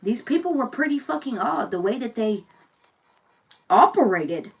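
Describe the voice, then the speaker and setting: A woman's voice: on the high side, very animated, unhurried, slightly rough, recorded from a distance. A woman giving a casual tarot reading, blunt and profane, firing rhetorical questions and repeating herself. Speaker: tarot reader.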